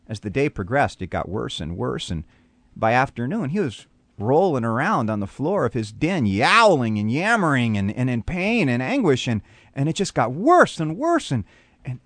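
Animated male pastor telling a story. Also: mid-range voice, no echo. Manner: animated, dramatic storyteller with frequent repetitions. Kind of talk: storytelling on a radio program.

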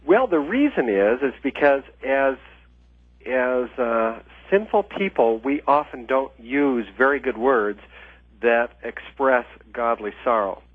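A man's voice: mid-range voice, animated, slow, no echo. Earnest male interview guest on a tinny phone line. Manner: earnest, explanatory, with frequent uh fillers. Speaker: author and ministry leadership trainer.

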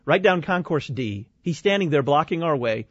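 Animated man telling a wild story. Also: a little high, normal speed, dry recording. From Illinois, USA. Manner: lively, exasperated, acts out quoted voices. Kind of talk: animated personal anecdote. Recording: dull dry studio sound.

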